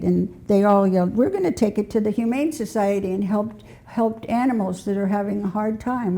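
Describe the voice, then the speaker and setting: An older woman tells stories in a loose, rambling way, with plenty of restarts and small laughs. Her voice is low and mellow with a gravelly fry. She sounds like a relaxed storyteller speaking to a local audience. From New Hampshire. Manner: warm rambling anecdotes with frequent restarts and laughter. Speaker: storyteller sharing community memories. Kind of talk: casual spoken storytelling.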